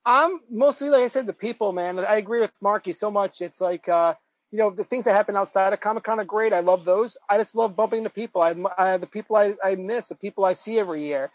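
A man with a Boston accent, a podcast guest who chats casually and tells stories with excitement. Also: high-pitched, quick pace, dry recording, dull audio. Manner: excitable, laughing storyteller.

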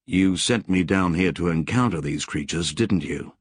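A man's voice: deep voice, normal speed, slightly rough, no room sound, studio quality. A man voicing a wary adult male explorer in an audiobook, skeptical and questioning.

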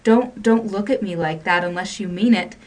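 A woman's voice: mid-range voice, normal speed, distant mic, lightly acted. A woman reading a stammering young romantic man. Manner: stammering, theatrical romantic lines.

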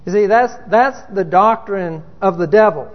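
A man's voice: high voice, normal speed. A man preaching a sermon in a loose, conversational way, with restarts and rhetorical questions, in a church sanctuary. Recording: dull lo-fi recording with long hall reverb.

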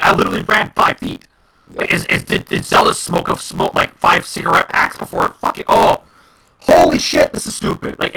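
Angry podcast co-host; high, gravelly, sharp voice; swears through heated rants. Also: male voice, low-quality recording. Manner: heated, profane ranting. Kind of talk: casual gaming podcast chat.

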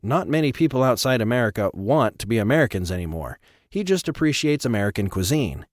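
A man reading an audiobook, voicing a nervous man who jokes to cover his anxiety, in a slightly lifted, quick voice. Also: mid-range voice, big pitch swings, no room sound, studio quality, lightly acted. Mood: wry. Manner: quick, jokey and a little anxious. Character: nervous joking man, anxious insider.

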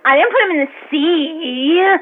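A woman's voice: very high voice, expressive, measured pace. A woman voicing a whiny, sobbing little girl on a prank phone call, pleading in a childish way. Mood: tearful whining. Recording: tinny phone line.

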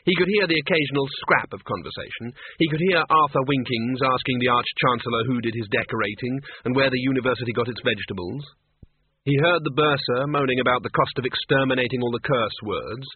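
A man narrating a story in a measured, dry storytelling manner, on a thin, tinny recording. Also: medium pitch, husky. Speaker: audiobook narrator. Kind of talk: scripted narration.

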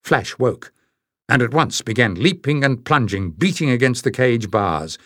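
An audiobook narrator with a mid-range voice reads a storybook from a script, keeping his delivery steady and measured. It's a dry, studio-quality recording.

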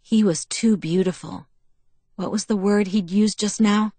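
A woman narrating a first-person novel in a steady, intimate storytelling manner. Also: medium pitch, a little slow, dry recording. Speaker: audiobook narrator.

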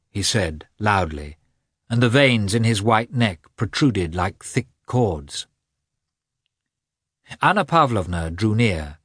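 A man narrating a classic novel as an expressive audiobook reader. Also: low-pitched, moderate pace, slightly rough, no echo, clean studio sound. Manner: expressive, varied reading. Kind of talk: scripted narration.

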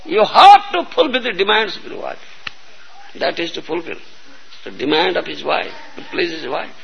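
A man's voice: a little high, very animated, normal speed, creaky, lo-fi sound, slight background noise. A man giving a storytelling sermon, often checking whether listeners understand. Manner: storytelling lecture, repeatedly asking "You understand?". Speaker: spiritual teacher.

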